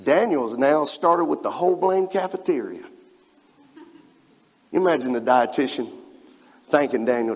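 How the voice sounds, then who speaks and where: A man's voice: fairly high pitch, lively intonation, normal speed, pauses often. A man preaching a sermon to his congregation, emphatic and calling out to the room as he reads scripture. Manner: emphatic, rising and falling in loudness, with spoken asides to the congregation. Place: church sanctuary. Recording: preached in a large hall with long reverb.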